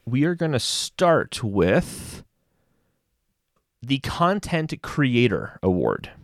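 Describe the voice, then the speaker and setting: A man hosting a casual podcast chat, relaxed and laughing easily. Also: mid-range voice, drawn-out words, creaky, dry recording, clean studio sound. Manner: relaxed, easy laughs, hedging fillers. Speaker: podcast host.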